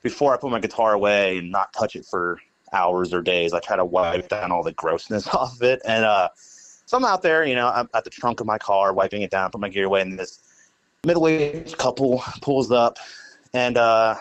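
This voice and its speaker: A man's voice: on the low side, moderate pace, a bit bright, highs cut off. A young adult man, a podcast guest, telling a casual story in a rambling way, full of fillers and "like". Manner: rambling, heavy use of "like" and fillers. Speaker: podcast guest, guitarist and studio engineer.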